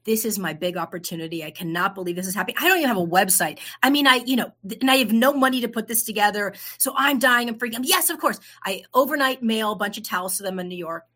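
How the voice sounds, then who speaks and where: A woman's voice: medium pitch, racing, hardly any pauses, fairly bright tone. A middle-aged woman, a business owner, telling her story in a casual interview, acting out the voices of people she quotes. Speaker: entrepreneur guest.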